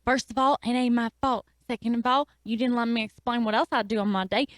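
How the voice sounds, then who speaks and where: A woman's voice: on the high side, fairly even intonation, a little fast, no echo, close to an everyday voice. A woman playing a brash, rambling businesswoman. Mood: sassy. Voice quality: sassy, rambling, tough-talking. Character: brash, scatterbrained woman dating-site boss. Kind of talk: improv comedy acting.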